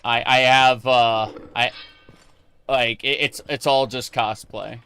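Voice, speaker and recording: A man's voice: mid-range voice, little pitch movement, slow, pushed and bright, smooth. A man chatting casually with his live-stream chat while playing a game, rambling with many fillers and restarts.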